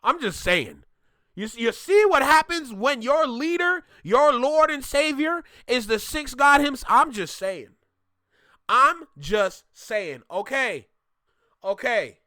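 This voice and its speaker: A man hosting a reaction video, talking in a casual, animated, joking way, with mock outrage and slow drawn-out words for emphasis. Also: extremely high pitch, no echo, clean studio sound.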